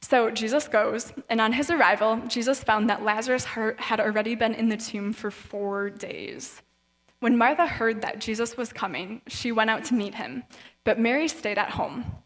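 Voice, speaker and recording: A woman's voice: on the high side, steady tone, moderate pace. Woman preaching casually in a reverberant hall. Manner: casual and chatty, briefly acts out the voices of people in the story. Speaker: guest speaker at a young adult event. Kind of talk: conversational sermon with Bible reading.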